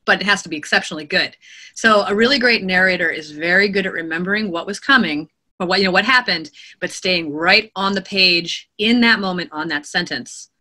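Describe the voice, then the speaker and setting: A woman audiobook narrator and voice actor being interviewed, talking in an animated way, laughing often and acting out quotes. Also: on the low side, fairly quick. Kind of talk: interview conversation. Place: home studio.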